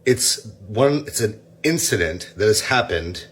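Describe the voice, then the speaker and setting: A man's voice: fairly low pitch, expressive, measured pace, fairly bright tone, husky. A man complaining casually to camera, annoyed, filling his talk with "like".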